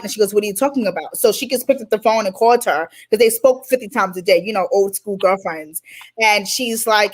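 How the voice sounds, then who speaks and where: A woman from Queens, New York, a guest life coach telling animated stories in an interview and acting out the dialogue. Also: medium pitch, quick pace. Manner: animated, acts out quoted dialogue. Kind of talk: storytelling in an interview.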